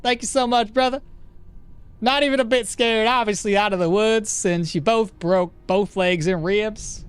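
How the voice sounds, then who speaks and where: A man's voice: high-pitched, steady tone, normal speed, clean tone, no echo. A man streaming a game live, chatting casually with his viewers and laughing often as he plays. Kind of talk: live gameplay commentary to chat.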